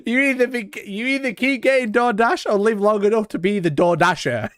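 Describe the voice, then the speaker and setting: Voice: mid-range voice, measured pace. A co-host in casual banter, joking and mocking, laughing often as the talk goes on.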